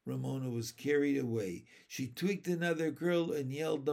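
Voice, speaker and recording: A man narrating a children's book aloud with steady, expressive storytelling. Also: a little high, unhurried, creaky, hardly any pauses.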